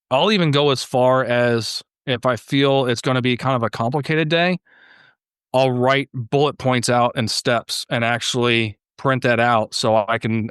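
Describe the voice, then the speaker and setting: A male podcast guest who runs a car YouTube channel tells stories in casual conversation with a smooth voice. The recording is clean studio sound with no echo, and he's an animated storyteller who acts out quotes in a higher, raised voice.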